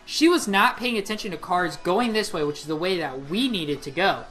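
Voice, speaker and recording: A young woman in her late teens telling a story on her vlog, excitable and rambling, with lots of "like" fillers. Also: on the low side, moderate pace, soft background music. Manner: excitable, rambling, heavy use of 'like'. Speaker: vlogger. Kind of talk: casual storytelling.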